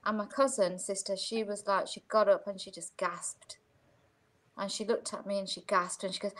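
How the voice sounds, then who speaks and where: A woman's voice: mid-range voice, steady tone, moderate pace, fairly bright tone. Woman guest, casual rambling storyteller, video-call sound. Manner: rambling, many fillers.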